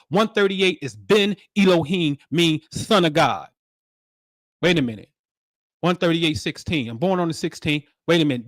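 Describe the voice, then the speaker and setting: A man hosting a spiritual livestream, talking in animated, preachy street slang. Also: fairly high pitch, dry recording, clean studio sound. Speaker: livestream host.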